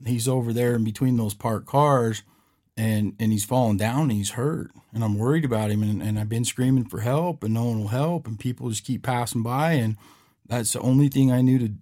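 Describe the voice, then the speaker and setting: A man's voice: medium pitch, normal speed, warm tone, close to an everyday voice. A man voicing a polite tearful little boy. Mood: pleading. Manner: apologetic, pleading.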